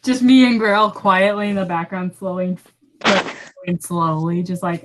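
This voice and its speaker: A woman's voice: lowish voice, fairly even intonation, a little slow. A woman playing a tabletop game, making wry jokes in casual chat. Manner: wry, joking. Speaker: player. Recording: noisy mic with background hiss.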